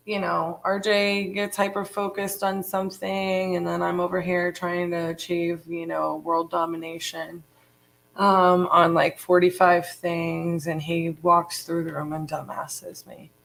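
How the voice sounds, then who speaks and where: A woman's voice: fairly low pitch, flat delivery, slow pace, gravelly, fairly bright tone, poor audio. A woman co-founder of a real estate business talking casually and frankly on a live stream, full of fillers like "um" and "you know". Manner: chatty, frank, many fillers.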